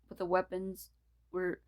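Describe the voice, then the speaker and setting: A woman casually reads a fan story aloud in a lowish voice at a slow pace. She trips over words and restarts lines often. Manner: stumbling, restarting, laughing asides. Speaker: reader. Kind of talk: reading fan fiction aloud.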